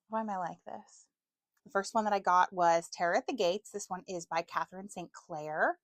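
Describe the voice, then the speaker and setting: A woman's voice: medium pitch, a little fast, no echo. A woman in her twenties chatting casually to camera about books, self-mocking and stumbling over words now and then. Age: 20s. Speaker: book vlogger.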